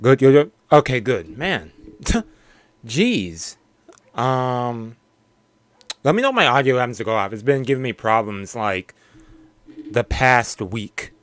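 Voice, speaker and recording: A male streamer chats casually and playfully with his viewers. He laughs often and stumbles over his words. His voice sits in an ordinary middle pitch. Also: very animated, slow, long pauses, a bit bright, dry recording. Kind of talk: casual live-stream chat.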